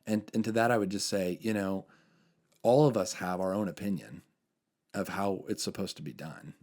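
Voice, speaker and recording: Deep-voiced man, halting and earnest. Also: darkish tone. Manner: hesitant, circles back with many fillers; earnest, reflective about faith. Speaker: podcast co-host. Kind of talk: casual podcast conversation.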